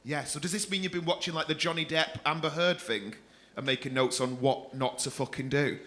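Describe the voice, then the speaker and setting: A man's voice: a little high, a little fast, a bit bright. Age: adult. Sex: man. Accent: Mancunian. Role: stand-up comic doing crowd work. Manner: teasing, sweary. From North West England. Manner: teasing, sweary, laughing through his jokes. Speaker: stand-up comedian. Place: comedy club stage.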